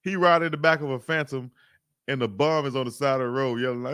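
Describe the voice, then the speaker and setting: Animated male sports livestream host. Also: mid-range voice, fast, smooth, dry recording, studio quality. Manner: animated, emphatic, repeats phrases, slangy. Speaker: live-stream sports show host. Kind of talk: casual livestream commentary.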